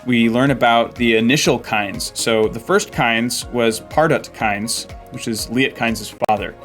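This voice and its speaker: A man's voice: mid-range voice, measured pace, a bit bright, soft background music. A man hosting a casual book club chat, summarizing chapters and reading passages aloud, with frequent ums and likes. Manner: chatty, reads quotes aloud with playful voices, frequent ums.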